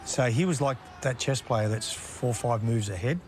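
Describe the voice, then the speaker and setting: A man, a former referee telling stories in a relaxed interview and chuckling at his own anecdotes. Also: mid-range voice, moderate pace, slight background noise. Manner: laid-back yarn-spinner, acts out quotes, chuckles. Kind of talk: casual storytelling interview.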